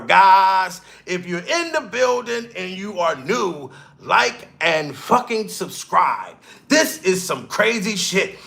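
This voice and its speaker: A man hosting a livestream, ranting loudly and excitedly, swearing and shouting out to viewers in the chat. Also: high voice, slow, creaky. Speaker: livestream commentator. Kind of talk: profane livestream rant.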